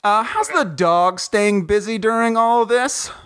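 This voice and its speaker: A man from Ohio hosting a podcast from home, chatting casually in an animated, joking, rambling way with lots of fillers. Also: high voice, unhurried, smooth. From Ohio, USA. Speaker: podcast host. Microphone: recording from home, guest on the phone.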